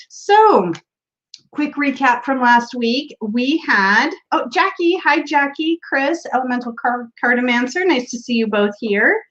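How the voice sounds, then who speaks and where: A woman's voice: on the high side, fairly bright tone, dull audio. A woman hosting a casual tarot livestream from a room at home, greeting viewers by name and laughing often.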